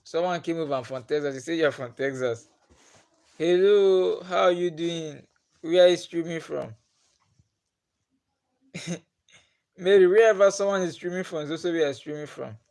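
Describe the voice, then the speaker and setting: A man's voice: on the high side, moderate pace, pauses often, a little mellow. A young Nigerian man with a Nigerian accent, casually chatting with viewers on his live stream, greeting them by name and laughing often. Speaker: livestream host.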